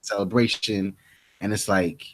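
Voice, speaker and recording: Retelling TV scenes on a podcast he co-hosts, a young man voices the characters' lines in a casual way, frequently starting over. He speaks a little slowly, in a lowish, steady voice.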